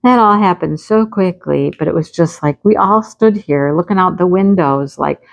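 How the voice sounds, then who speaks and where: A woman's voice: fairly low pitch, moderate pace, creaky. Woman telling a chatty home story. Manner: lively anecdotal storytelling with frequent laughs. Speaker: craft vlogger. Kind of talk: casual storytelling chat. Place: rural home.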